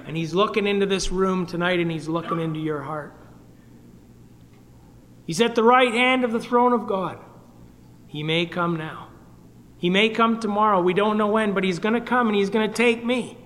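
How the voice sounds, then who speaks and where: A man from Canada preaching an earnest gospel sermon, pleading with his listeners and swinging between loud and soft. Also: high-pitched, in a large hall. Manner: earnest, pleading, rises and drops in volume. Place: meeting hall.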